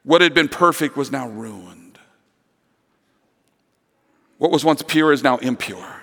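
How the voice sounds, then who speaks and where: A man's voice: medium pitch, animated, slow, gravelly, fairly bright tone. Preaching man in a reverberant hall. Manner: earnest preaching with emphatic repetition. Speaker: pastor. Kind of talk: sermon. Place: church sanctuary.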